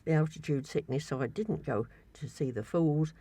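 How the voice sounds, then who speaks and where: A woman, telling rambling, animated travel anecdotes in casual chat as a guest. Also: low voice, normal speed. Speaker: guest storyteller.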